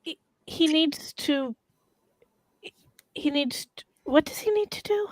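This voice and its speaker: A woman playing in a tabletop game, with quick, chatty remarks. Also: sits high, expressive, dry recording. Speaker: player. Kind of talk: casual play talk.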